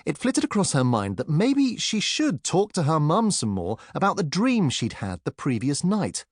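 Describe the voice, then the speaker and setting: A man narrating a children's audiobook in an expressive storytelling manner. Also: a little high, normal speed, dry recording, studio quality. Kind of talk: scripted narration.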